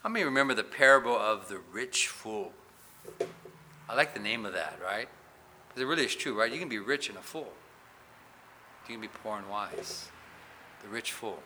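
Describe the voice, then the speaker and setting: Bright-voiced emphatic male preacher. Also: mid-range voice, a little hiss or hum. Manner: emphatic preaching, rising loud on questions and Bible quotes. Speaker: pastor. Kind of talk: sermon.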